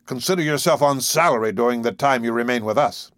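A man's voice: medium pitch, fast talker, a bit bright, dry recording, studio quality, close to an everyday voice. A man reading aloud and voicing a domineering, suavely mocking sea captain.

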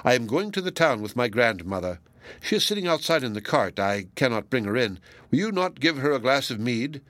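Man voicing sly peasant, matter-of-fact, bright voice. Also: medium pitch, sing-song, a little fast, no echo. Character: clever poor peasant man, sly and calm.

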